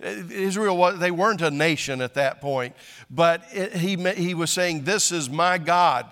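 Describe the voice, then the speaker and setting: An older male pastor delivers a sermon in a loose, conversational way, often restarting his sentences and poking fun at himself. His voice sits a little high for a man. The sound rings with the long reverb of a large church hall. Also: moderate pace, a bit bright, clear, resonant tone. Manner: conversational, self-deprecating humor with frequent restarts.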